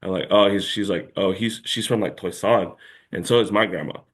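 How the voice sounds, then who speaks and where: A man's voice: low voice, fairly even intonation, moderate pace, husky. A man telling a long story as an interview guest in a casual chat, rambling and packed with filler words.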